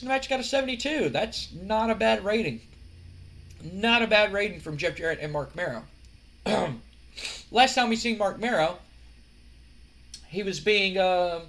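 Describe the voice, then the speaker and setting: A man's voice: sits high, a bit bright. A man casually narrating a wrestling simulation playthrough, chatty and rambling, with frequent fillers and some swearing. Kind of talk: casual let's-play commentary.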